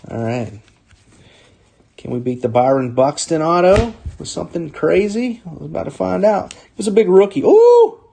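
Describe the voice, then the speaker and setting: Male card-break host, slightly high voice, upbeat live commentary calling out pulls. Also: gravelly, a little mellow, slightly rough. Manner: upbeat, calls out names in quick bursts, chuckles often.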